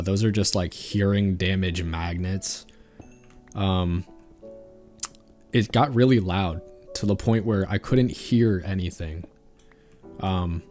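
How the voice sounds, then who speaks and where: Deep-voiced man rambling over gameplay. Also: a little mellow. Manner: loose, rambling talk full of fillers and "dude". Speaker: gaming channel host. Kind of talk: casual commentary over gameplay.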